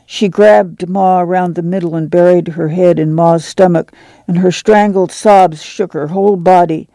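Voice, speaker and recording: A man narrating a literary novel as an audiobook, in a steady, unhurried storytelling manner. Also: high voice, no echo.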